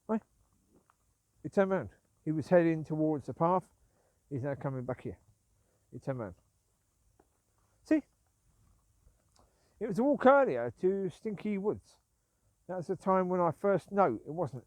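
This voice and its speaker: A man's voice: fairly high pitch, a little mellow, dry recording. Aggrieved man rambling on his own vlog. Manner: repetitive, aggrieved, self-justifying. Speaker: vlogger. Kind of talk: rambling casual monologue.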